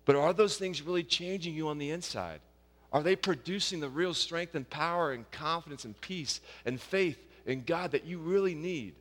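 A man's voice: a little high, moderate pace. Preacher man in a reverberant hall. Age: young adult or middle-aged, a father of young kids. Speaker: pastor. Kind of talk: sermon.

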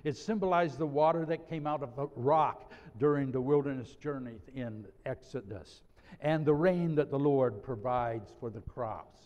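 A middle-aged male pastor preaching a sermon in a measured way, slowing down to read scripture. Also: medium pitch, a little mellow. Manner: measured, slows down on scripture quotes. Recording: dull audio in a reverberant hall.

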